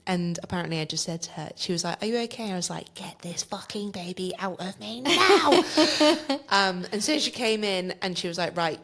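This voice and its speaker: A woman guest on a podcast, telling a story in casual chat, acting out the other people's lines and swearing freely. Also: lowish voice. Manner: vivid, swears freely, acts out quoted dialogue.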